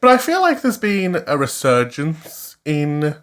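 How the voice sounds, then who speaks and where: A man in his twenties with a Cumbrian accent, co-hosting a casual podcast and telling stories in an animated, flamboyant way, laughing often and jumping up high for quoted lines. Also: unhurried. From West Cumbria, England. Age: 20s. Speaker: podcast co-host. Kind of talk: casual chat, storytelling.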